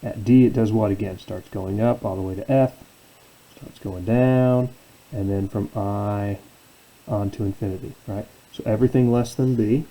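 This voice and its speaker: A math professor gives a calculus lecture, posing questions and then answering them himself. His voice is warm, fairly low and fairly even, delivered at normal speed on a low-quality recording.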